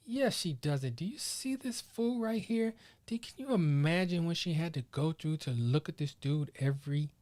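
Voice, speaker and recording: A man hosting his own podcast solo, chatting casually in animated, slangy riffs. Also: a little high. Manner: animated, slangy, playful riffing. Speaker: podcast host.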